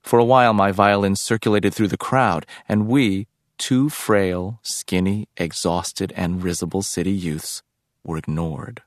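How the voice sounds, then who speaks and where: Audiobook: deep-voiced man narrating in a measured, reflective way, dry close sound. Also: dry recording.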